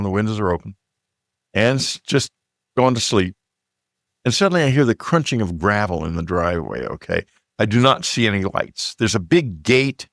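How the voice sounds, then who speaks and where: A man from Texas telling a personal story in a relaxed, conversational way, with fillers and side remarks. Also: fairly low pitch, no echo, studio quality. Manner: unhurried, plain storytelling with fillers and asides.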